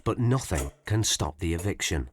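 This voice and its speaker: Man, documentary narrator, low voice, lively intonation, measured and expressive, background music. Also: slight background noise.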